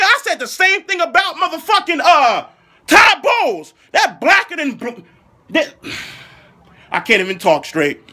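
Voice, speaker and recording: A man delivering a furious, mocking, heavily profane comedic rant as an angry football fan, breaking into shouts. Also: very high voice, big pitch swings, measured pace. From Philadelphia. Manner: furious, mocking, heavy swearing, shouting bursts.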